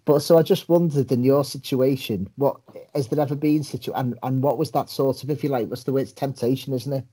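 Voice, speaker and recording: A man's voice: medium pitch, a little fast, few pauses, dark tone, slightly rough. A male podcast co-host asking questions hesitantly, searching for words. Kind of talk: casual interview questions.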